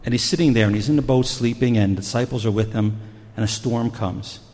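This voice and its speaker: In a hall with long reverb, a man delivers an earnest, story-driven sermon, briskly and in a medium-pitched, somewhat dark voice. He dramatizes panicked voices as he goes.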